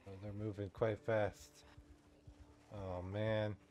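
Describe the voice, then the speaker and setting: A man's voice: lowish voice, flat delivery, slow pace, darkish tone, muffled recording. A man giving let's-play commentary, reacting nervously to a game and swearing when things go wrong. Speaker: gaming YouTuber. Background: faint game music.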